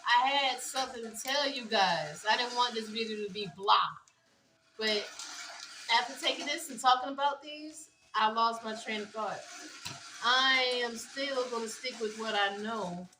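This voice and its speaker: A woman vlogging casually, talking in a loose, rambling way with lots of fillers, mildly high and relaxed. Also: a little slow, reverberant, far from the mic, noisy background. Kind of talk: casual vlog chat. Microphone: phone.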